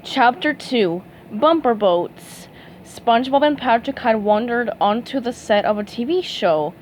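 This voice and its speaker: A woman reading a children's storybook aloud with an expressive delivery. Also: fairly high pitch, unhurried, a little hiss or hum. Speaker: reader.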